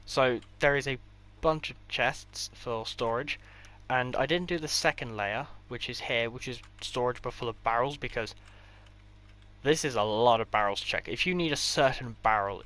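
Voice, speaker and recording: A man's voice: mid-range voice, moderate pace, pushed and bright. A man giving a casual, rambling tour of his game builds, with offhand delivery and dry sarcastic asides. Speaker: gaming creator.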